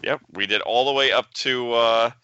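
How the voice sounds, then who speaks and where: A man's voice: mid-range voice, normal speed, bright, forceful tone, smooth, dry recording, highs cut off. A man co-hosting a casual pinball podcast, joking around and reading listener emails aloud. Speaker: podcast co-host. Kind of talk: casual chat.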